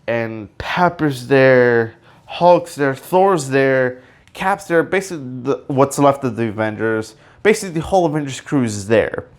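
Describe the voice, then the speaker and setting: A man hosting a casual solo podcast, rambling excitedly with many fillers and restarts and sudden emotional outbursts. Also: medium pitch, smooth. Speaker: podcast host.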